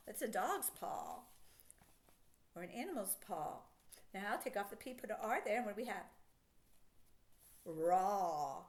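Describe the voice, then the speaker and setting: Woman, children's phonics teacher. Lively, sing-song delivery, unhurried, stretches sounds. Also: fairly high pitch.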